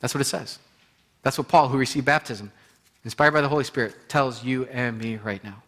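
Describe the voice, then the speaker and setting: A man preaching a sermon in an animated way, acting out inner voices and repeating phrases for emphasis. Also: medium pitch, a little fast. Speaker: pastor.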